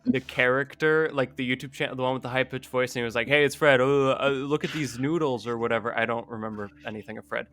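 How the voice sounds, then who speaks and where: A man's voice: medium pitch, fairly bright tone, clear, resonant tone. A young man co-hosting a casual podcast chat, talking loosely with lots of "like" and casual swearing. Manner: casual, swears freely, peppered with "like". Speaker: podcast co-host.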